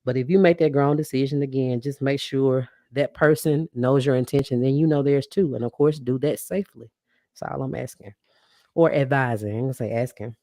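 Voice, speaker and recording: A woman's voice: very deep voice, fairly quick, dark tone, no room sound, clean studio sound. A woman hosting a live podcast, talking casually and animatedly to her listeners, often laughing and calling them y'all. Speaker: podcast host. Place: live stream reading comments.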